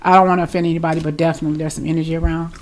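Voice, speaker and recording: A woman's voice: deep voice, flat delivery, racing, background noise. A woman giving a tarot reading, talking straight to her viewers in a chatty, reassuring way and often tagging lines with "okay?" and "you know". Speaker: tarot reader. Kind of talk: tarot reading talk to camera.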